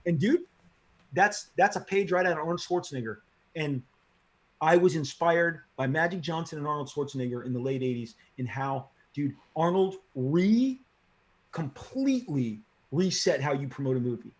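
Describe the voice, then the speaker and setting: Pitched fairly high and moving at a moderate pace, the middle-aged comic creator recounts stories in a laid-back interview. He's excitable and slangy, circling back on himself as he gets fired up.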